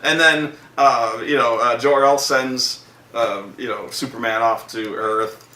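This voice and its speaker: A man chatting casually about a movie, rambling and swearing, bursting into loud acted-out quotes. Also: mid-range voice, fairly even intonation, measured pace. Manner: rambling, profane, acts out quotes in loud voices. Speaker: vlog host reviewing a movie. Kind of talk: casual chat. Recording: roomy echo, from a distance, faint noise.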